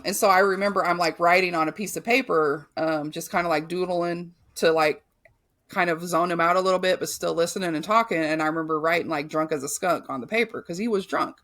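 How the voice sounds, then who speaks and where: A lowish, slightly bright voice at a fairly quick pace belongs to a woman in her thirties. On her podcast she tells her personal story candidly, curses freely, and keeps restarting sentences with plenty of fillers.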